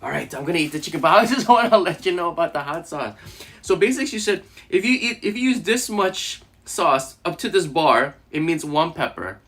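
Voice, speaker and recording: Animated, joking male streamer. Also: on the high side, fairly quick. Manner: animated, joking, laughing often. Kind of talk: casual live stream chat while eating.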